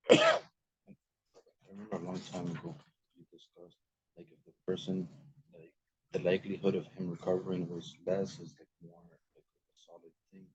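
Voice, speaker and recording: A man with a very deep voice chimes in during a study group. He talks haltingly, full of fillers, and the sound is muffled and lo-fi. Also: expressive. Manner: hesitant, many "like" fillers. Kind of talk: asking and adding to a discussion.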